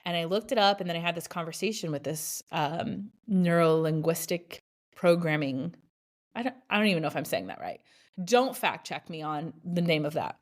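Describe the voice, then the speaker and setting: Frank, chatty woman podcast host. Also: on the low side. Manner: frank, chatty storytelling with many "like" fillers. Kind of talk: candid solo podcast monologue.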